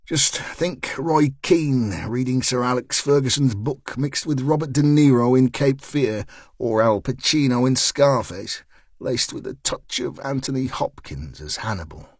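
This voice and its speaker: A man reads a crime thriller audiobook with measured, wry storytelling. His voice is recorded dry and close, with an even middle pitch. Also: no room sound. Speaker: audiobook narrator. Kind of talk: scripted narration.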